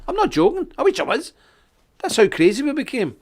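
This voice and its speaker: A man's voice: extremely high pitch, huge pitch swings, brisk, a little mellow. A middle-aged Scottish man hosting a live online show, ranting indignantly with sarcastic asides. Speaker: host.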